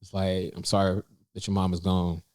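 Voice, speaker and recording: Low-voiced man telling a story haltingly. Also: completely flat delivery, darkish tone, no echo, clean studio sound. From North Carolina, USA. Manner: halting, many fillers and restarts, voice lifts when quoting himself. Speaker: podcast co-host sharing a personal story. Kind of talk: casual heartfelt conversation. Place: indoors in a cafe.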